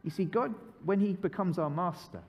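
A male preacher gives a children's sermon in a church hall, his voice mellow and a little high for a man. The long hall reverb trails after each phrase. He is animated, stretching words and asking the children to say lines with him. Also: moderate pace, a little hiss or hum. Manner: lively, repeats phrases for listeners to join in.

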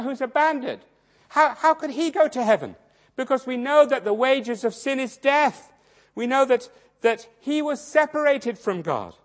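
A man preaching a sermon, swinging dramatically between loud emphasis and hushed low tones. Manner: acts out quoted voices in his storytelling.

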